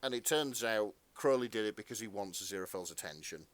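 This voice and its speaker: A man co-hosting a podcast, casually reading fan fiction aloud with relaxed asides and the odd swear. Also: lowish voice, fast talker, no room sound. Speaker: podcast co-host.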